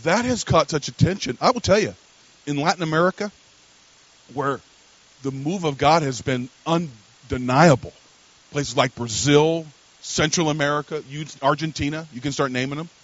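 An older man preaching a sermon as a pastor, telling a story and swinging from quiet asides to loud, emphatic peaks. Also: fairly high pitch, normal speed, dull audio.

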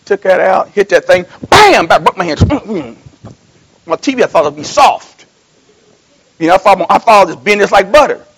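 Male pastor, strikingly high pitch, folksy storyteller who builds to loud exhortation. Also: animated, moderate pace, pauses often, husky, low-quality recording. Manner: repeats and restarts phrases. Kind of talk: sermon.

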